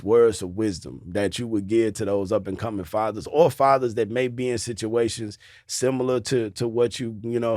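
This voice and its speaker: Laid-back low-voiced man hosting a podcast. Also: no echo, clean studio sound. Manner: relaxed, drawn-out, peppers talk with "you know what I'm saying". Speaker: podcast host interviewing a father. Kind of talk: casual conversational interview.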